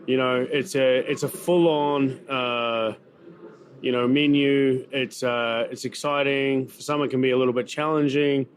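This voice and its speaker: A man's voice: mid-range voice, little pitch movement, unhurried, slight background noise. Chatty New Zealand man, many fillers. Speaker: chef and restaurant owner. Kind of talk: casual interview. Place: busy event venue.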